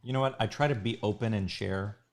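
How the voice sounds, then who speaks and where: A man's voice: on the low side, quick pace, loud music behind the voice. Playful joking man hosting a stream. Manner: joking, self-mocking, playful. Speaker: livestream host sketching live. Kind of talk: casual livestream banter.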